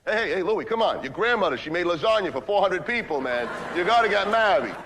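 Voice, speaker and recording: A man's voice: sits high, lively intonation, quick pace, fairly bright tone, big-room sound, slight background noise. An actor playing a brash, streetwise young man who rambles through a story in ungrammatical slang and keeps asking "right?" in a stage monologue. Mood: boastful. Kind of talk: theatrical comic monologue.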